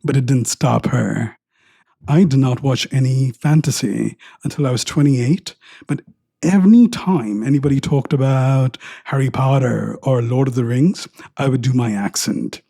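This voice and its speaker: A man's voice: medium pitch, a little slow, creaky, mellow, slightly rough, dry recording, clean studio sound. A middle-aged man from India, hosting a podcast, giving a reflective personal monologue with wry jokes and frequent tangents. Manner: wry, joking and prone to tangents. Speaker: podcast host.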